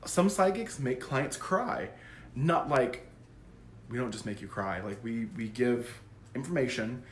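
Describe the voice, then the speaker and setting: A man who works as a psychic medium, explaining his work to camera in a goofy, animated way. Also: medium pitch, measured pace, echoey room, slight background noise. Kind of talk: casual talk to camera.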